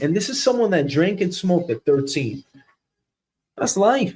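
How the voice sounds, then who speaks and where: A man in his thirties hosting a comedic news monologue, ranting sarcastically and swinging between loud outbursts and mutters. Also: high-pitched, sing-song, a little slow, long pauses. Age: 30s. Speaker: host.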